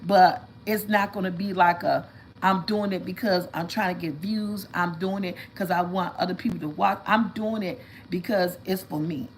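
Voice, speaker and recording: A woman chatting casually with viewers on a livestream, telling animated stories and calling them y'all. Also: lowish voice, moderate pace, a little hiss or hum, poor audio. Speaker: vlog host.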